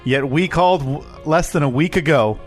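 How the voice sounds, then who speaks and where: A man's voice: on the high side, moderate pace, soft background music. A man co-hosting a casual comedy podcast, rambling through jokes and laughing often. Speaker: podcast co-host.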